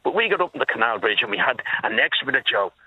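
A man's voice: mid-range voice, very animated, fast, breathy edge, dry recording. A man in his sixties with a Dublin accent, calling in to a radio show and telling a story emphatically while addressing the host by name. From Dublin, Ireland. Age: 60s. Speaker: caller. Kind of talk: phone-in storytelling. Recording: tinny phone line.

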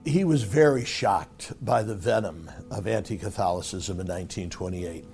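A man who is a cardinal, speaking conversationally in an interview and pausing often. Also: fairly low pitch, darkish tone, faint music behind. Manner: conversational, halting with fillers. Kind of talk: interview commentary.

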